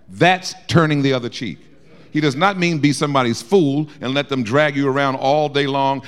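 A man teaching a Bible study, explaining verses and acting out quotes in a lively way. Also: on the high side, normal speed. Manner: lively, acts out quotes with shifting voice.

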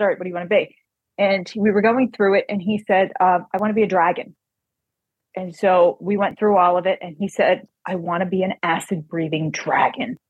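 A woman author telling an animated personal anecdote in casual chat, quoting the people in it. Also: mid-range voice, slightly rough, no echo.

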